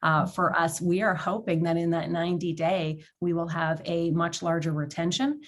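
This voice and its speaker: A woman on a business panel, speaking in an earnest, measured way with frequent fillers. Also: fairly low pitch, little pitch movement. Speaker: panelist, direct sales executive. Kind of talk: panel discussion.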